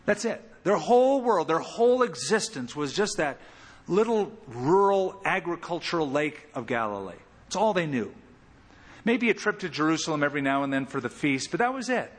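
A man preaching an expository sermon as pastor, animated, with big swings in pitch and loudness. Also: normal speed, slightly rough, big-room sound.

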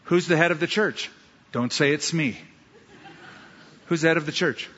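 A man's voice: on the high side, normal speed, a bit bright, a little hiss or hum. A man preaching a sermon as a pastor, with emphatic, storytelling delivery and repeated lines. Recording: dull sound in a large reverberant hall.

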